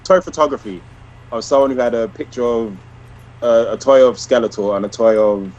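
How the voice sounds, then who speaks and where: Man, co-host, casual chat, stop-start delivery, mid pitch. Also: brisk, a little mellow, dull audio. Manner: hesitant, repeats words and restarts. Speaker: podcast co-host.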